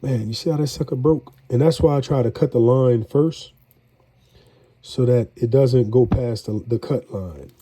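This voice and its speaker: Congested, dark-voiced man with a New drawl. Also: mid-range voice, moderate pace, slightly rough. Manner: folksy, rambling, chatty with viewers. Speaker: home cook. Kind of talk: casual cooking vlog.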